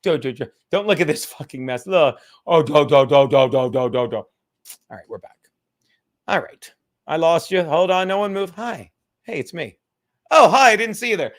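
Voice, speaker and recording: A man's voice: on the high side, expressive, moderate pace. A tired man hosting a casual live stream from home, rambling and swearing, with joking asides to the chat. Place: home room.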